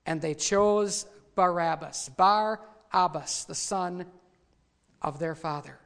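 A man preaching a sermon, retelling the story dramatically and voicing the quoted lines louder. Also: fairly high pitch, slow, creaky. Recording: long hall reverb.

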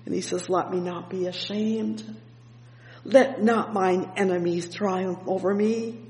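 A man preaching an evening sermon, explaining a psalm with fervent interjections of "oh yes" and "praise the Lord", reading scripture slowly and deliberately. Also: sits high, steady tone. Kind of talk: evening sermon, Bible exposition. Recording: echoey hall with long reverb.

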